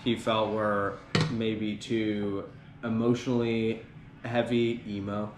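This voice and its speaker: Deep-voiced man rambling in casual chat. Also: level tone, takes it slowly. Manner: rambling, many fillers, retelling band history. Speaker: podcast host. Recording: echoey room with background noise.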